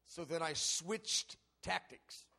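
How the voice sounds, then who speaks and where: Gravelly, husky preacher man. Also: a little high, takes it slowly, sharp tone. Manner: earnest, emotional storytelling with rising intensity. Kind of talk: sermon testimony.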